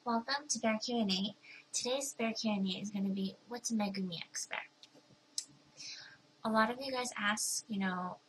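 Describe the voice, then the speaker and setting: A woman's voice: on the high side, moderate pace, fairly bright tone, a little hiss or hum, low-quality recording. A young woman in her twenties chatting to her viewers in a casual Q&A vlog, bubbly and talkative, with playful voices for the people she quotes. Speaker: vlogger. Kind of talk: casual talking-to-camera Q&A.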